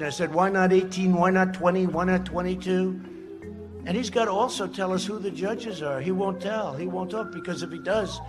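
A man giving a campaign rally speech, rambling and sarcastic, often shouting his points. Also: high voice. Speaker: political speaker at a rally. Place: large outdoor rally.

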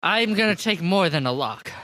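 Excitable, swearing man at a game table. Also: high voice, moderate pace. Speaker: player.

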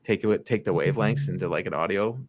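Podcast co-host, man, faint Canadian accent, lowish voice, dry close sound, rambling. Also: quick pace, no room sound. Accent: slight Canadian. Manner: rambling, animated storyteller. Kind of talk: casual chat.

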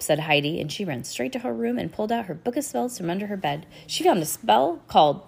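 A woman's voice: medium pitch, very animated, brisk, vocal fry, few pauses, slightly rough. A woman who is a little sick reading a children's chapter book aloud and chatting about the story between passages. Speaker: reader.

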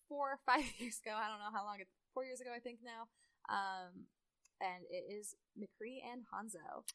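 A woman's voice: medium pitch, fairly bright tone, dry recording, poor audio. Young woman chatting on a podcast, lots of ums and likes, laughs a bunch. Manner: chatty, laughs often, many fillers. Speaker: podcast co-host. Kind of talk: casual chat and reading fanfiction aloud.

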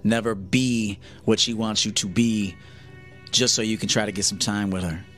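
A man's voice: lowish voice, steady tone, normal speed, a bit bright, faint music behind. A man giving a blunt, profane lecture to men as a dating coach on a livestream.

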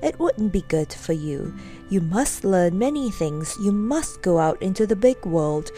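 A woman voicing a gentle, wise mother pony in a storybook reading, speaking in a soothing, motherly way. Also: mid-range voice, expressive, measured pace, faint music behind, natural voice.

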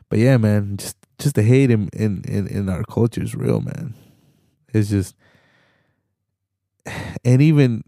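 A young man hosts a solo podcast, going on a casual rant in loose, slangy, profane talk, rambling and tacking "man" onto nearly every sentence. His lowish voice is gravelly and mellow. The studio-quality audio has no echo.

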